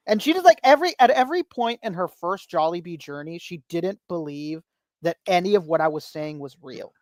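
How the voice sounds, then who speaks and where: A man's voice: high voice, fairly quick, dry recording. A man guesting on a podcast, telling stories in casual chat, acting out quotes and swearing freely. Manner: animated storyteller, swears freely, acts out quotes.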